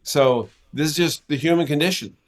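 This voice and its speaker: Measured man explaining his research. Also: a little high. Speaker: researcher, podcast guest.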